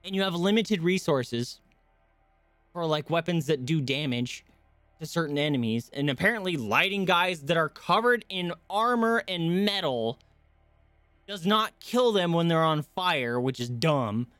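A man's voice: a little high, expressive, unhurried, fairly bright tone, no room sound. A male streamer giving live gameplay commentary, ranting and swearing in frustration. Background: faint game music.

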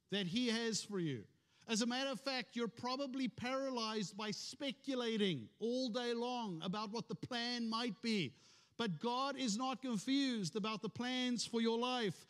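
High-voiced pastor preaching in a reverberant church. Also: male voice, a bit bright, clean tone. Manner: conversational, storytelling with humor. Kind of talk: sermon. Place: church sanctuary.

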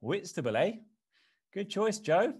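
A man's voice: high-pitched, very animated, a little slow, darkish tone. A man performing a theatre piece, speaking in a slick corporate presenter's voice. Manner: smooth corporate presenter patter. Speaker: stage actor performing a solo play. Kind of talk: theatrical monologue.

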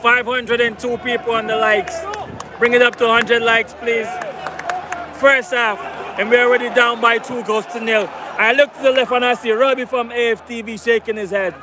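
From the stadium stands among fans, a man livestreams a football match, repeating himself and hyping viewers while begging them to like and subscribe. His voice is very high with little pitch movement at a normal speed, and loud crowd and outdoor noise fill the recording.

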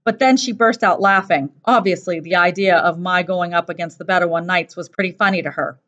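Lower-voiced woman teacher reading aloud. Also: a little fast. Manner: steady, plain storytelling. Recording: dull lo-fi recording.

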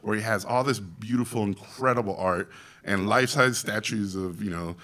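A Mexican man, an animation director from Mexico, telling a story to an audience in an animated, theatrical way, with loud acted quotes. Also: on the low side, moderate pace. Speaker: animation director and festival guest speaker.

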